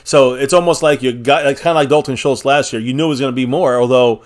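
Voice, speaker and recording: A man's voice: medium pitch, fast talker. A man hosts a casual live stream for sports fans, talking in an everyday mid-range voice. He is opinionated and rambling, doubling back on his words and laughing at his own points. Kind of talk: casual sports fan chat.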